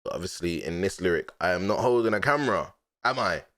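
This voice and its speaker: A London man with a low voice explains his own rap bars in easy street slang. His pitch swings widely, from low drawls to excited jumps, and he laughs often. The sound is close and dry, with no room in it. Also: quick pace, no echo. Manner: laid-back and slangy, laughing often, with sudden excited bursts. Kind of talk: casual reaction breakdown.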